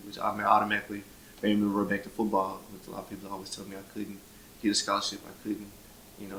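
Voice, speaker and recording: Fast-talking young man, low flat voice. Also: reverberant, a little hiss or hum, poor audio. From Memphis, Tennessee. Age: 20s. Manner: conversational, acts out others' words, frequent "you know". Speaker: interviewee telling his story. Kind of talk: personal storytelling interview.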